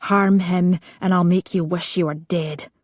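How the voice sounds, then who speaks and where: A woman's voice: medium pitch, level tone, fairly quick, dry recording, studio quality, natural voice. Woman doing a headstrong young noblewoman, steel in her voice, bossy. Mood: steely. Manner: loud, imperative, steely.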